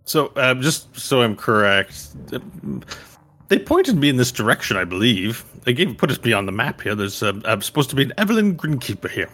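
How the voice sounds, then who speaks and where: A man playing a dithering old news reporter, husky, pitch all over, lively. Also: normal speed. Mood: hesitant. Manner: hesitant, fussy, rambling. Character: old male newspaper correspondent, fussy and polite.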